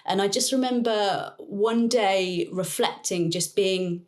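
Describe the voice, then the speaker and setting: A woman guest in an interview, telling her personal story in an earnest, reflective way with soft laughs now and then. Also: medium pitch, slow pace. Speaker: interview guest, neuroplasticity coach.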